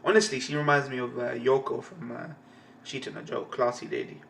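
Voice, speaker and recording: A man's voice: mid-range voice, fairly even intonation, fairly quick, vocal fry, fairly bright tone, a little hiss or hum. A man streaming a live comic reading who swears constantly, laughs and rambles. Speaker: reaction streamer.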